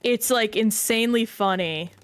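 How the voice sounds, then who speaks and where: A woman's voice: on the high side, moderate pace, clear, resonant tone, no echo. A woman streaming a game, chatting casually and rambling while reacting to play and chat.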